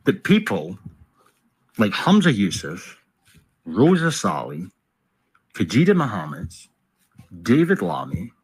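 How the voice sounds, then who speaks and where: A man delivers a sarcastic, swearing commentary, firing off rhetorical questions. His husky voice leaps up and down in pitch as he mocks what he's heard. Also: low-quality recording. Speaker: political commentary host. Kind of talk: ranting commentary over clips.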